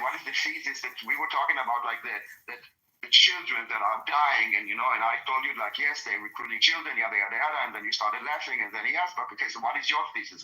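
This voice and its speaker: A man's voice: medium pitch, bright, forceful tone, roomy sound, low-quality recording. A man in a heated live podcast debate, pressing and repeating his questions. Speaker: debate participant.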